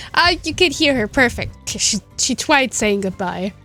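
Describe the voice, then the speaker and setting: High-pitched woman streamer at her desk, baby-talking her cat, giggly, faint music behind. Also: pushed and bright. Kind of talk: casual live-stream chat.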